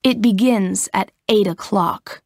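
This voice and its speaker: An adult male film director, as a woman storyteller reads him, calls out orders in a raised, emphatic voice. The delivery is slow and deliberate, and it is recorded close and dry. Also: medium pitch, no echo. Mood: friendly. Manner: calls out instructions in a lifted, emphatic voice.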